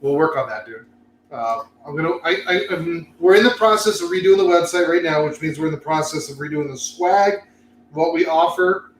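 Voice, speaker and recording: Casual host, man, a bit high-pitched, loose and profane, recorded in a roomy lounge. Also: moderate pace, a little hiss or hum. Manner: laid-back, swearing, laughing, rambling. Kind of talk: casual livestream chat. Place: cigar lounge.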